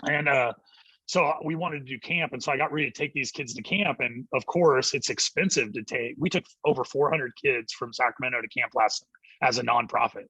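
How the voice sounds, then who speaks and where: Bright, husky-voiced man telling a story. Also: medium pitch, no room sound, rough recording. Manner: animated storyteller acting out quotes, quick laughs. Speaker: guest, youth ministry director. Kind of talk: storytelling in a church podcast interview.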